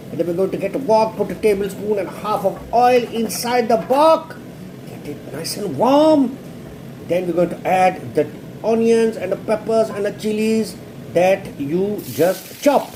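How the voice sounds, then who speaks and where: A man's voice: high-pitched, dark tone, slight background noise. A man giving a casual cooking demonstration in a blunt, crude and joking way. He swears constantly and repeats words for emphasis. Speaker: home cook showing a recipe.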